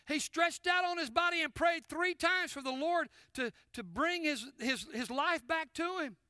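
A man's voice: very high voice, moderate pace, bright, forceful tone, no room sound, studio quality. A male pastor preaching a sermon, asking the congregation rhetorical questions and addressing them directly.

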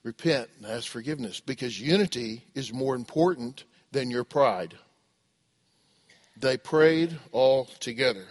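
A man's voice: medium pitch, measured pace. A middle-aged man preaching a sermon, asking the congregation questions and acting out the voices he quotes. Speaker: pastor.

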